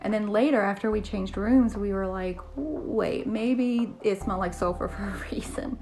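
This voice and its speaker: Gravelly-voiced woman co-hosting a podcast. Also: mid-range voice, a little mellow, slight background noise. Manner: chatty, quick to tease, breaks into laughter. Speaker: podcast co-host. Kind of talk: podcast chat and scripted narration.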